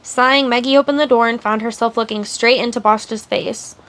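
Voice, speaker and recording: Woman streamer, slightly high voice, steady read-aloud narration. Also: fairly quick. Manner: steady storytelling narration, blunt asides. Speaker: streamer reading a novel aloud. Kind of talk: audiobook-style reading on a live stream.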